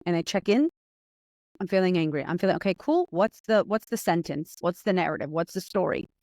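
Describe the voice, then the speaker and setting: Woman, podcast guest, animated storytelling, quick and impatient, dry close mic. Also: lowish voice, no room sound. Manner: fast, impatient, acts out her inner voice.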